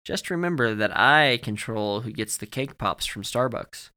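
A man's voice: medium pitch, animated, moderate pace, pushed and bright, clear, resonant tone. A man voicing a tired father in his thirties who teases his little daughter with dry, weary humor. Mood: dry teasing.

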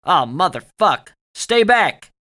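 A man voicing a panicked, profane male soldier who shouts his lines in combat. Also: high-pitched, sing-song, slow, pitched above the performer's own voice, heavily acted. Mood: panicked shouting. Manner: shouting, frantic.

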